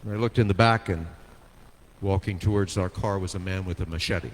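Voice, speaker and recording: A man preaching a sermon, telling a story with dramatic swings from hushed to soaring delivery. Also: low voice, a little fast. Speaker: pastor. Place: church sanctuary. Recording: long hall reverb, faint noise.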